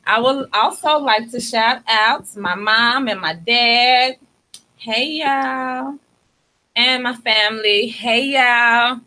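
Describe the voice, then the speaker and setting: Chicago woman on the radio, bright and kinda high, upbeat and inviting. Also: takes it slowly, low-quality recording. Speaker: radio show co-host. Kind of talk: casual radio chat. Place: radio studio.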